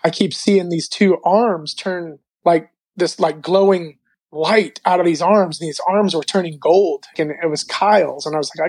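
A man speaks as an interview guest, recounting his personal faith testimony. His telling is animated and loose, with frequent filler words and restarts. His voice is close and dry, with no room sound. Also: fairly high pitch, moderate pace, husky, no room sound.

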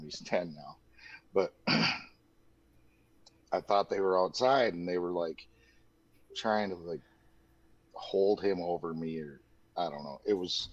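Speaking in a low-pitched voice, this thirtysomething man recounts a personal story in a casual, candid way, peppered with "like" and "dude." There's no echo, and the audio is dull, lo-fi and dry.

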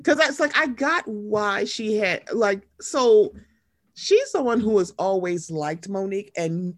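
A woman's voice: mid-range voice, a little slow, dry recording, studio quality. A woman co-hosting a podcast, chatting about reality TV and acting out quotes with a lot of swearing. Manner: animated, acts out quotes, swears freely. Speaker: podcast co-host. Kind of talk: casual chat recapping reality TV.

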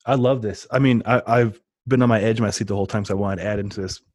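A man's voice: lowish voice, fairly even intonation, quick pace, darkish tone, no echo. A man telling stories with enthusiasm in a casual podcast chat. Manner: enthusiastic, rambling storyteller.

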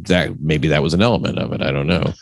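A man's voice: rumbling low, fast, dry recording, clean studio sound. A man hosting a podcast, talking casually in a reflective, hesitant way that often trails off. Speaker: podcast host. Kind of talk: casual chat.

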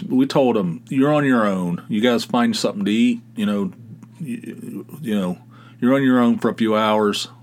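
A middle-aged man hosting a podcast, telling a rambling, sarcastic story in casual talk, with many restarts. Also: fairly low pitch. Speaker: podcast host.

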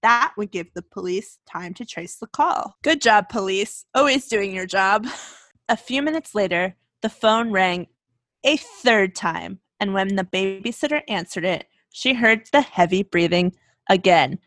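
A woman's voice: mid-range voice, lively intonation, normal speed, fairly bright tone, dry recording. A woman co-hosting a casual chat, reading a scary story aloud and breaking into laughter and jokes. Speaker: podcast co-host.

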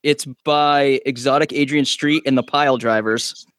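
A man co-hosting a casual podcast, excitable and laughing, with lots of "like" and "dude". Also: medium pitch, normal speed, no echo, studio quality. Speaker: podcast co-host.

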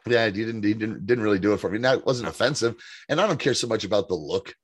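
A man's voice: fairly low pitch, quick pace, slightly rough, no echo. A man co-hosting a TV recap podcast in a chatty, laughing manner. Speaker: podcast co-host. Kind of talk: casual TV recap chat.

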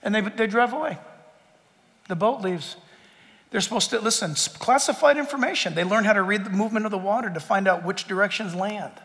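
A male pastor delivers a sermon in a large church hall, his voice unusually high and sharply bright. He swings between emphatic near-shouts and low, hushed asides. A long reverb trails behind every phrase. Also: a little fast.

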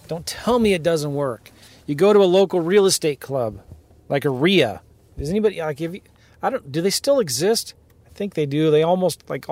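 A man hosting a podcast from his car, ranting in an animated way and firing off rhetorical questions to his listeners. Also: on the high side, no echo. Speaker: podcast host, real estate investing coach. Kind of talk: ranting monologue.

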